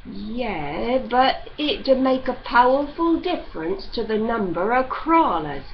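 A stubborn, plain-spoken country housekeeper, as a woman reader puts her on, answers bluntly and slowly in rustic dialect. Her voice sits high and moves in wide swings. There is faint hiss on a slightly dull recording. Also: lively intonation.

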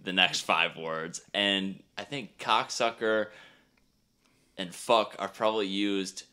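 A man's voice: low-pitched, steady tone, slow pace, bright, forceful tone, clean tone. A man hosting a podcast, chatting casually about a movie, laughing often and acting out lines in silly voices. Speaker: podcast host. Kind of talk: casual movie review chat.

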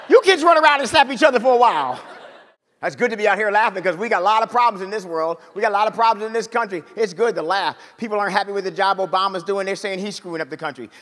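A man's voice: high-pitched, a bit bright. A man performing a stand-up comedy set, with a brash, punchy delivery and crowd work. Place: comedy club stage. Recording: live club recording with long reverb.

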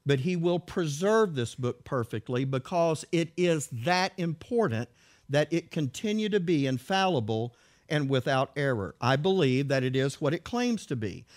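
A man's voice: a little high, lively intonation, moderate pace. A man preaching a sermon in an emphatic way, reading verses aloud and repeating key words with rhetorical questions.

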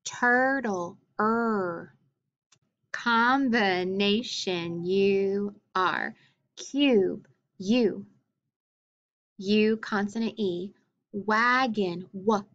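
A woman teacher leading a phonics drill, speaking slowly and deliberately, sounding out letters one by one and praising each answer. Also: medium pitch, a bit bright, highs cut off.

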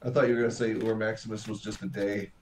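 A man's voice: on the low side, fast, a little hiss or hum. A man co-hosting a casual podcast chat, retelling scenes and acting out the characters' lines. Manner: animated, acts out quotes. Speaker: podcast co-host.

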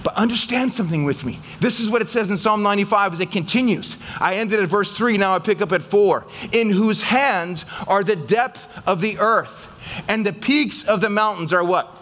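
High-voiced man preaching a sermon. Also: normal speed, a bit bright. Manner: preaching with call-and-response questions to the congregation. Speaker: pastor. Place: church.

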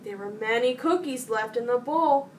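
A young woman presenting a children's program, reading a storybook and giving craft instructions in a slow, clear, kid-directed way. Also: fairly high pitch. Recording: distant mic with faint noise.

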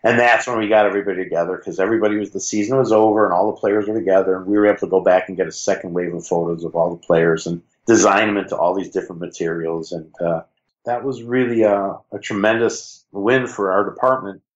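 A man in his sixties with a heavy Chicago accent, relaxed and reflective, telling stories as an interview guest. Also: low voice, quick pace, dull audio. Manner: relaxed, reflective, uses fillers like "you know". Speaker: guest, former league creative director. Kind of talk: conversational interview storytelling.

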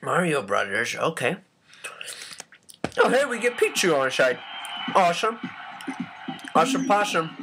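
Excitable gamer guy raging at the game. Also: a little high, unhurried, long pauses, background noise. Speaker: let's play gamer. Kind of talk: live gameplay commentary. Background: loud game music.

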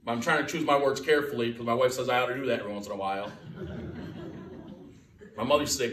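A man's voice: mid-range voice, quick pace, pauses often, fairly bright tone, distant mic. Emphatic male preacher in echoey church. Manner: emphatic, repeats key lines, folksy asides. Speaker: guest pastor. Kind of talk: sermon. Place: church sanctuary.

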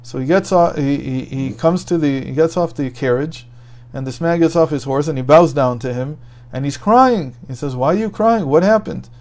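In a daily Torah lesson, a man with a higher, slightly mellow voice tells a story at a moderate pace. This Torah teacher thinks out loud and often starts his phrases over.

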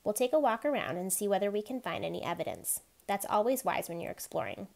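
A woman's voice: medium pitch, expressive, fast talker, gravelly, a little mellow. A woman reading a novel aloud, voicing a curious, friendly young boy in a slightly raised voice. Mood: eager.

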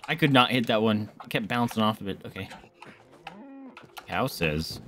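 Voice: medium pitch, lively intonation, moderate pace, fairly bright tone, slight background noise. A gamer in casual banter on a co-op stream, teasing the partner and swearing freely. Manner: joking, teasing, frequent swearing.

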